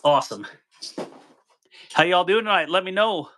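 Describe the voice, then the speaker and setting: A man's voice: high voice, expressive, normal speed, bright, forceful tone. A man hosting a casual live stream, greeting viewers by name, chatting loosely and laughing easily.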